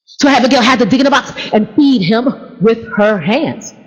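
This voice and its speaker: Lively, stammering woman preacher. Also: a little high, normal speed, slightly rough. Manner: animated, playful, with stammering restarts. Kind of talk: sermon. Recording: dull, echoey hall recording.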